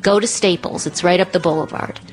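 Middle-aged woman telling a story on herself, lively, lowish voice, faint music underneath. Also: brisk. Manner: animated, acts out her child in a high voice. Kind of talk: live personal storytelling.

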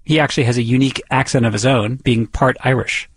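A man's voice: mid-range voice, fairly even intonation, fast talker, breathy edge, no room sound. A man reporting a feature story and interviewing people in a curious, conversational way.

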